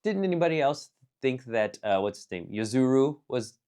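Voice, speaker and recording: Speaking at normal speed with a medium pitch, this man's tone is clear and resonant. He's giving a casual anime film review that wanders, stuffed with fillers and restarts, and he alternates between eager bursts and quiet mumbled remarks.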